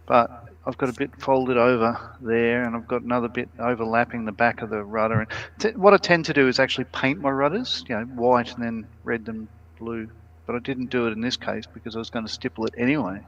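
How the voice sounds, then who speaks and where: A man with an Australian accent, co-hosting a casual modelling livestream, talking in a relaxed, rambling way with many fillers. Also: mid-range voice, dull audio. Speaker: co-host.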